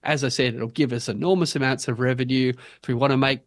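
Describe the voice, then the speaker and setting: A man's voice: medium pitch, fast talker, no echo. Emphatic Australian man, dry sound. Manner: animated and emphatic, punchy rhetorical lines. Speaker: guest policy advocate. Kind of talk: interview, arguing for a policy.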